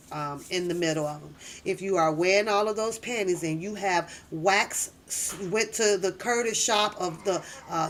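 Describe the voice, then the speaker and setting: A middle-aged woman hosting a casual live chat, telling stories loudly, laughing often and cursing freely. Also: on the low side, a little hiss or hum. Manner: loud, laughing, profane storytelling. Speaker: livestream host.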